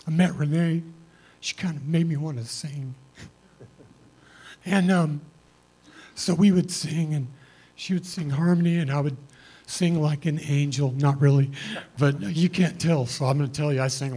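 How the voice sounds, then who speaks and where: A man's voice: on the high side, a little mellow, breathy edge. Earnest man giving a church testimony. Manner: earnest, conversational, plain-spoken. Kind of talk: personal testimony to a congregation.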